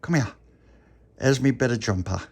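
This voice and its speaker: A man's voice: mid-range voice, moderate pace, darkish tone, breathy edge. A man voicing a chatty, curious young boy in a homemade bedtime story, asking eager wide-eyed questions. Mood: coaxing.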